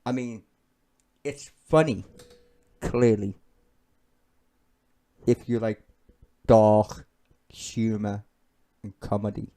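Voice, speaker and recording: Gravelly, sweary man. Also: fairly low pitch, drawn-out words, long pauses, dark tone. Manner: sweary, ranting and sardonic. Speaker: live streamer. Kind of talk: profane live-stream political commentary.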